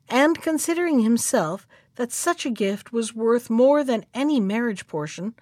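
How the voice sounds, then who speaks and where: A woman host reads an old fairy tale aloud at a measured pace. Her voice sits a little high. The sound is close-miked and dry. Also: a little mellow, no room sound. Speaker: storyteller and podcast host.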